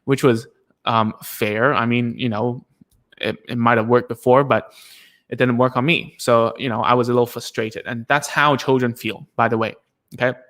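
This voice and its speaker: A young man explains child speech to parents in a loose, chatty teaching style. He restarts sentences, leans on fillers and says sample words aloud to show how they sound. His voice sits at an ordinary middle pitch. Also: fairly even intonation, moderate pace, a bit bright. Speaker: speech coach. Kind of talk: casual explanatory lesson.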